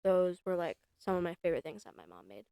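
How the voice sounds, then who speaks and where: Female podcast co-host, gravelly fry, emphatic and chatty, dry close recording. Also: lowish voice, sing-song, fast, mellow, no echo. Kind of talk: casual chat.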